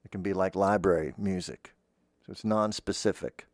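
A man's voice: sits low, normal speed, no room sound, clean studio sound. A man in a mock-earnest improvised comedy monologue, playing a voice-acting teacher who rambles and keeps interrupting himself.

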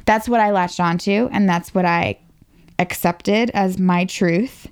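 A woman's voice: fairly low pitch, slow pace, smooth. A woman in her twenties from Northern Virginia, chatting casually about her own past. She is self-mocking and says "like" often. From Northern Virginia, USA. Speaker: interview guest. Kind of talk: casual personal storytelling.

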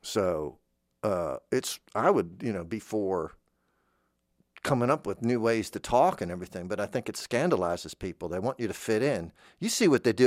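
Brief: low-voiced man, rambling casual monologue, dry close sound. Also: lively intonation, normal speed, a little mellow, no room sound. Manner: rambling, digressive, musing.

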